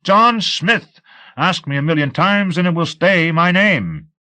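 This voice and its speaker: Fields: man voicing a terrified man pleading innocence. Tone: high, shrill. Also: a little slow, bright, forceful tone. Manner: pleading, shrill with panic, stammering. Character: panicked male tourist accused of spying, desperate. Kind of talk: audiobook reading.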